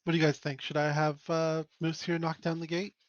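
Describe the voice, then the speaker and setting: Higher-voiced man on a dull mic. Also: level tone, a little fast, no room sound. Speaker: player. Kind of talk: tabletop game play.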